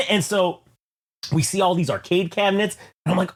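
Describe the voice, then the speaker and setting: A man co-hosting a podcast, telling a rambling, profane comic story in a casual, animated way. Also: high-pitched, moderate pace, long pauses. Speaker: podcast co-host.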